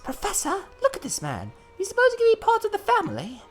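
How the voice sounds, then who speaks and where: A woman's voice: extremely high pitch, wildly swooping pitch, brisk, faint music behind, pitched above the performer's own voice, full character voice. A woman voicing an eager, polite young boy apprentice, reading game dialogue. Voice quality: earnest, chirpy.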